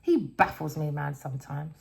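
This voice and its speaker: Gravelly-voiced blunt woman tarot reader. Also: low-pitched, moderate pace. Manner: blunt, swears constantly; storytelling, rambling. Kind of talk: casual tarot reading monologue.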